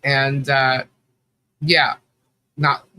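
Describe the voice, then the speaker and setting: A man's voice: mid-range voice, flat delivery, very slow, pushed and bright. A man hosting a casual livestream chat, greeting viewers by name, a little nasal from allergies and chatty with frequent laughs. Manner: chatty, laughs often, many fillers and restarts. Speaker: livestream host.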